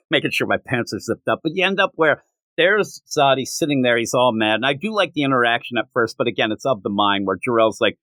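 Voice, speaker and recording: Man, comic podcast co-host, lively pitch, bright voice, dry sound. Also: no room sound. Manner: animated, laughing, acts out characters in quick asides. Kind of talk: casual comic book discussion.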